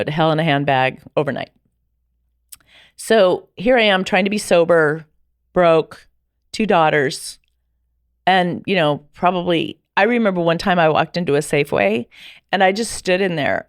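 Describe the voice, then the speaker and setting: Gravelly-voiced woman telling her story. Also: lowish voice, dry recording, studio quality. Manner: animated, acts out quoted dialogue. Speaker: podcast guest. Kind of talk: personal storytelling in a conversation.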